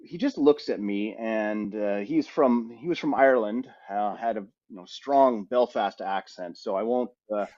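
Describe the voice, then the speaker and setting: Middle-aged male podcast co-host, lively rambling storyteller, slightly muffled audio. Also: on the low side. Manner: lively, rambling anecdote with frequent restarts. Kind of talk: casual storytelling.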